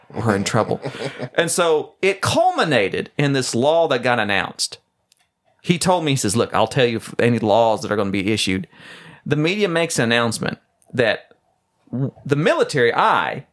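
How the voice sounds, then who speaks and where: Guy on a podcast telling a game story, laughs a lot, drops his voice low for the other people he quotes. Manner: animated, laughing storyteller acting out dialogue in lower voices. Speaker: podcast co-host. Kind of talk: casual storytelling chat.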